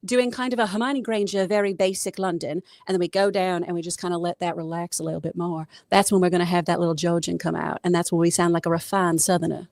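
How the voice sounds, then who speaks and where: A woman on a talk show lays out her points in an articulate, teacherly way. Her voice sits at an ordinary pitch, and the sound is dry and close to the mic. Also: steady tone, fast talker, hardly any pauses, a little mellow, no echo. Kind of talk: casual chat.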